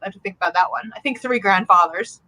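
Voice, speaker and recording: A woman in casual, blunt podcast banter, chatty and quick with quips. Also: medium pitch, bright, forceful tone, rough recording. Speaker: podcast co-host.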